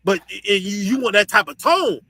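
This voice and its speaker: High bright-voiced man lecturing bluntly. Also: lively intonation, fairly quick, poor audio. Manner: blunt, profane and scolding, laughs between points; asks "you understand?" often. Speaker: officer and teacher leading a group discussion. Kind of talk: preachy lecture to an online audience.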